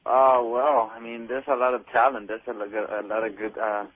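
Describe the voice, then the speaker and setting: A man guesting on a radio show by phone, answering in halting bursts with many fillers and restarts. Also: mid-range voice, little pitch movement, husky. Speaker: wrestler guest. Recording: tinny phone line.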